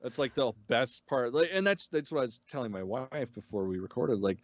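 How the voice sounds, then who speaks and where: A man's voice: mid-range voice, lively intonation, fairly quick, highs cut off. A man co-hosting a casual review podcast, laid-back and profane, often chiming in with agreement. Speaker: podcast co-host.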